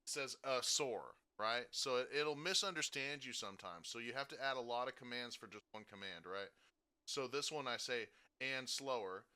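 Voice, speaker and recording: A man giving a casual software tutorial, talking through each step and checking in with frequent "okay?" and "right?". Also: medium pitch, lively intonation, normal speed, clean tone. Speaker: streaming tutorial host.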